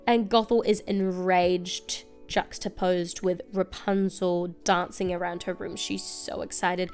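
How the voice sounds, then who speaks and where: A young woman hosting a casual, comedic recap, chatty and wry with quick asides. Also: mid-range voice, steady tone, clean tone, soft background music. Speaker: video essay host.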